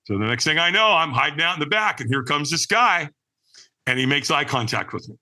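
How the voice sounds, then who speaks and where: A man, a podcast guest, telling a personal story with animated energy, acting out other people's lines and often checking in with "right?". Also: on the high side, brisk.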